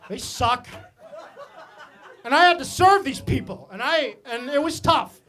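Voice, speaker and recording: A man from Maine telling stand-up comedy stories, animated and self-mocking, with asides to the audience. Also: very high voice, unhurried. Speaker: stand-up comic.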